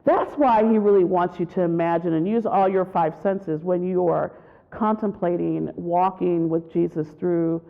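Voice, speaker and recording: A woman gives a spiritual retreat talk, with a slightly gravelly voice. She tells her stories in an animated way and acts out what people said. The sound is thin and tinny, like it came over a phone line. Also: fairly low pitch. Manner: animated storytelling, acts out quotes. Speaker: retreat speaker.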